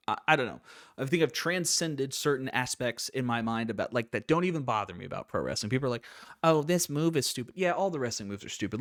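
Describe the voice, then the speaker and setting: A man's voice: mid-range voice, fairly bright tone, dry recording, studio quality. A young American man hosting wrestling commentary, opinionated and sarcastic, riffing with mock quotes. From United States. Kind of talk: opinionated live-stream commentary.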